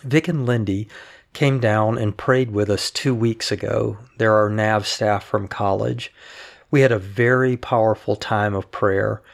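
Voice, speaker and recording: A man with a somewhat low voice and a lot of gravelly fry reads written words aloud. His delivery is calm and measured, like a husband sharing his wife's letters. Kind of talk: reading written updates aloud.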